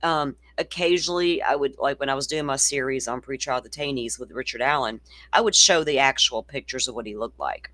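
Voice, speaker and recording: A woman's voice: extremely low pitch, brisk, few pauses, sharp tone, no echo. A woman with a Southern accent hosting a casual true-crime chat, blunt and salty, swearing freely. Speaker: host.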